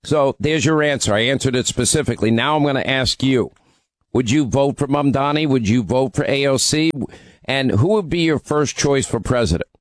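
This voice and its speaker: Speaking at a normal speed with a medium-pitched voice, this man hosts a call-in radio show. He's combative, needling a caller and arguing back.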